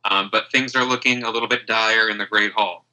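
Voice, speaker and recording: A man's voice: on the low side, fairly even intonation, a little fast, pushed and bright, low-quality recording. A man running a tabletop game as game master, narrating loosely with many fillers.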